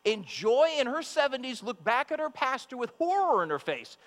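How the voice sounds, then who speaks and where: In a high, sing-song voice at a moderate pace, a male preacher delivers a sermon and speaks straight to the women present. He's emphatic, repeating himself for weight, while a faint mains hum and the long reverb of a hall linger in the background.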